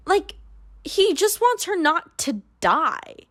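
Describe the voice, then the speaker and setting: A woman's voice: very high-pitched, very animated, slow pace. Sarcastic woman recapping a book. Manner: sarcastic, dry asides, swings into mock character voices. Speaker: book club host.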